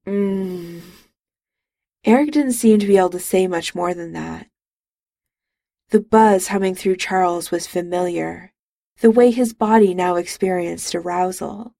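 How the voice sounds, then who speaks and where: A woman narrating a romance audiobook in calm, even storytelling, recorded on a close studio mic. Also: fairly low pitch, normal speed, creaky, no echo.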